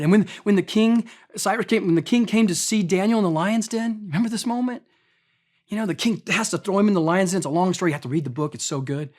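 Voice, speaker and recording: A man's voice: sits high, fast, a little mellow. A male pastor preaching a sermon in a conversational, emphatic way, often putting direct questions to the congregation.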